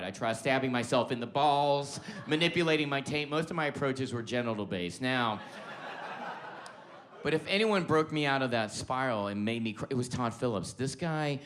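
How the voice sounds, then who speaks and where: A middle-aged man doing a stand-up comedy set, talking casually and profanely, swinging from shouts to quiet confiding. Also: medium pitch, noisy background. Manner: loud swings between shouting and hushed confiding; profane, conversational, self-mocking.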